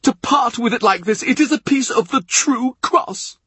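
Alarmed young servant, high-pitched, as a narrator puts him on. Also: male voice, expressive, normal speed, fairly bright tone, husky, dry recording, full character voice. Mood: aghast.

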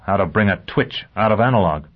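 Man reading as a gruff, terse spaceman. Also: lowish voice, expressive, a little fast. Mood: matter-of-fact. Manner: grunting, clipped commands. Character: hard driven male spaceman, gruff and terse. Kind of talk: audiobook character voice. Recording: dull lo-fi audio.

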